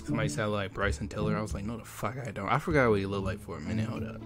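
A man's voice: fairly low pitch, steady tone, rapid-fire, music in the background. A man in his twenties hosting a video chat prank, teasing strangers with profane, joking banter. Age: 20s. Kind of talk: casual chat.

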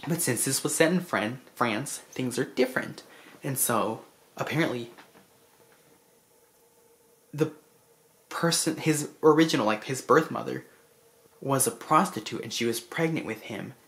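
A vlogger casually recapping a film in an effusive, rambling way, full of restarts and asides, clearly moved by the story. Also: mid-range voice, a little slow, pauses often, slight background noise. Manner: emotional about the story.

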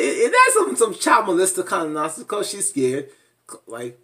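A man recapping a reality show in a casual vlog, animated and laughing, mimicking people with high squeals. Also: moderate pace, distant mic. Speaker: reality TV reviewer.

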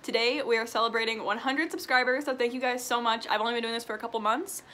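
This is a young woman from Illinois chatting to her viewers from home over lunch. Her voice is bright and fairly high. She rambles in an upbeat, casual way. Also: fairly even intonation, fast talker. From Wilmington, Illinois, USA. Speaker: vlogger. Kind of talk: casual chat while eating. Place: at home, indoors.

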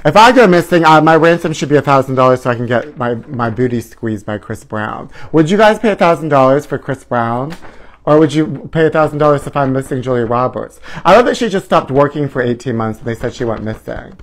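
A man's voice: medium pitch, lively intonation, brisk. A man hosting a live celebrity gossip stream. He talks in a campy, theatrical way, calls viewers honey and trashy, and swoops up into mock outrage.

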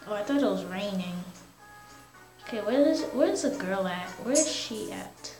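A woman's voice: mid-range voice, expressive, normal speed, reverberant, music in the background, poor audio. A woman giving casual commentary on a life-simulation game, rambling and slangy as she talks to herself and her viewers. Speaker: gamer.

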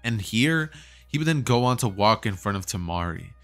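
Low-pitched male narrator, casual fan-story telling, faint music underneath. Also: lively intonation, moderate pace, fairly bright tone. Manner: casual, with fillers and restarts.

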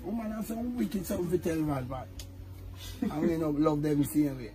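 A young man with a Jamaican accent telling animated stories in casual chat, laughing often, recorded on a phone. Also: fairly high pitch, brisk. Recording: noisy phone video recording.

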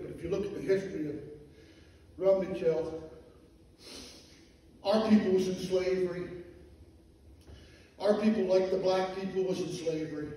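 A male pastor preaching a sermon, swinging from low, quick storytelling into shouted, half-sung cadences. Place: church sanctuary. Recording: echoey hall, mic far off.

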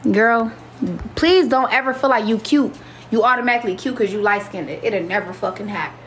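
Brash high-voiced woman hosting a livestream. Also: a little fast, a little hiss or hum. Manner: brash, boastful and profane, addressing viewers. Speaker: livestream host. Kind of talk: casual livestream chat.

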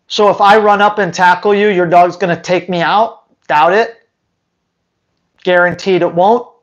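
A man with a high-pitched voice and fairly even intonation talks a little slowly over lo-fi sound. He hosts a dog training channel and answers viewer questions live, bluntly and teasingly, with lots of rhetorical questions.

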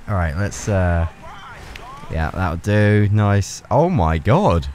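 A young man talks over his gameplay in a low but wildly animated voice. He gets excitable, laughs a lot and swears freely as he goes. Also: takes it slowly, slight background noise. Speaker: gaming YouTuber. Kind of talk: gameplay commentary.

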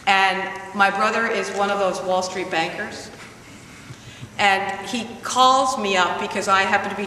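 A middle-aged woman gives an emphatic talk to a live audience and slows down to press her points home. Her voice is bright and forceful, at a middle pitch. She is heard from far off in a reverberant hall with faint background noise. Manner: emphatic, slows down to stress points, laughs at her own story. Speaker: guest speaker, former candidate. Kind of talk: public speech with anecdote.

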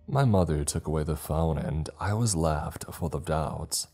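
A man narrating a scripted horror story in a slow, ominous manner. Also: a bass voice, warm tone, breathy edge, soft background music.

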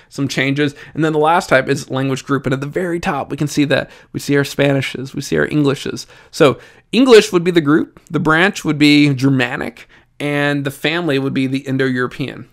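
A male teacher with a Southern US accent giving a lively, joking exam review lesson and talking straight to his students. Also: on the high side.

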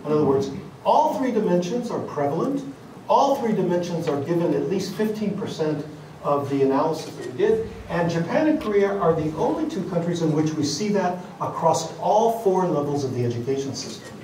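A man lectures at an academic conference, his slightly high voice carrying through a very echoey hall. He stands well back from the microphone, and a faint room ambience sits underneath. He talks deliberately and stops often to restart a thought. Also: animated, mellow, recorded from a distance, a little hiss or hum. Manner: deliberate, with frequent fillers and restarts.

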